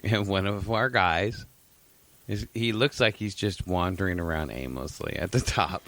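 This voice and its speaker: A man's voice: low voice, a little slow, a bit bright. A man co-hosting a podcast, telling a long, rambling story in casual chat, swearing freely and laughing often. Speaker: podcast co-host.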